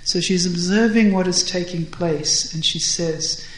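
Devotional storyteller, deliberate and slow; roomy, echoing recording. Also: mid-range voice. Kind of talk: devotional story reading with commentary. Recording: roomy echo.

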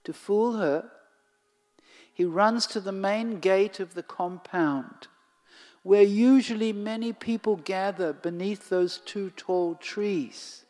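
Devotional storyteller, very slow, expressive, long hall reverb, faint background music. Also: medium pitch. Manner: slow and expressive, sinking to a whisper at times.

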